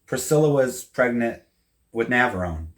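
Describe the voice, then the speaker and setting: A man's voice: medium pitch, animated, normal speed. Easygoing man retelling a book. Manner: conversational, trails off and restarts, retells scenes. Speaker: podcast co-host. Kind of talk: casual book discussion.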